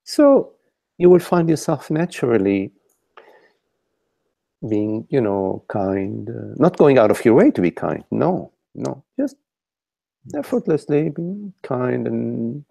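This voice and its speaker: A man's voice: medium pitch, sing-song, slow, creaky, warm tone, dry recording. A man leading a contemplative dialogue over an online call, searching for words and often repeating and restarting his phrases. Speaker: spiritual teacher.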